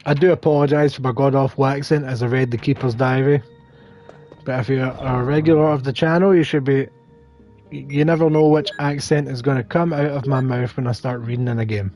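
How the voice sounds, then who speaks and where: Mellow-voiced man chatting while gaming. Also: mid-range voice, steady tone, a little fast, soft background music. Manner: chatty, self-deprecating, thinks aloud. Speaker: gaming livestream host. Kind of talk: casual gameplay commentary.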